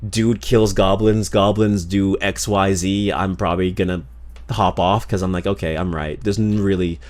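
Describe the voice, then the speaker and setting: A man's voice: lowish voice, darkish tone. A man streaming live, chatting casually with his viewers in a playful, rambling way with lots of repeats and laughs. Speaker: streamer reacting to videos and reading chat.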